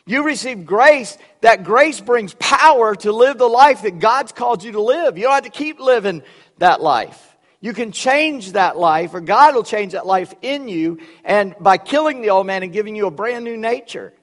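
High-voiced man preaching in a reverberant hall. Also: moderate pace. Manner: animated, conversational, with humorous asides. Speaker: pastor. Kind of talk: sermon. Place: church.

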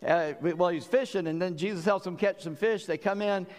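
A man's voice: high voice, moderate pace, big-room sound. A man preaching a sermon, telling stories animatedly as he acts out voices. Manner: animated storytelling, acting out voices. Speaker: pastor.

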